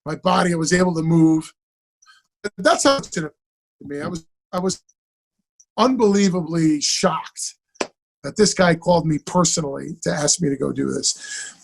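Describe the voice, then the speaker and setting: Animated male actor telling stories. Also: on the high side, moderate pace, creaky, pauses often. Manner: animated, acts out quoted dialogue. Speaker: actor guest. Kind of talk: casual storytelling interview.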